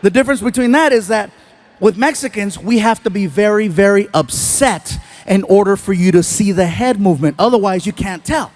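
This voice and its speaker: High-voiced animated male stand-up comic. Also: normal speed. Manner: animated, shouts punchlines, does voices. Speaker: stand-up comedian. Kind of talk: live stand-up storytelling. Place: theater stage before a live audience.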